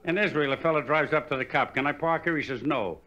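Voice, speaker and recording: An older male comedian works through a string of deadpan one-liners into a stage microphone. His voice is bright and forceful and sits a little high. The live recording sounds dull and carries a faint hum of room ambience. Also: quick pace. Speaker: stand-up comedian. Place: hotel showroom stage.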